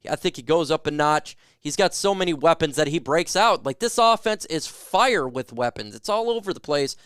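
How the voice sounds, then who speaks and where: A man's voice: a little high, animated, moderate pace, a bit bright, smooth, dry recording, clean studio sound. A man hosting a casual sports fan livestream, answering viewer questions with loose, joking, hyped banter. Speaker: sports talk livestream host.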